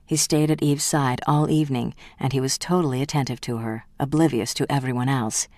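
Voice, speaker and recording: An audiobook narrator reading a novel in an even, measured way. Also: mid-range voice, no room sound, clean studio sound. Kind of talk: scripted narration.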